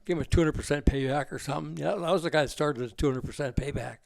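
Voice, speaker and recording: An older man spins loose, salty anecdotes, laughing as he goes. His voice is gravelly and sits a little high for a man, and it is recorded close and dry. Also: racing, no room sound. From United States. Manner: rambling, profane and laughing. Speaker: guest. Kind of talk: casual storytelling.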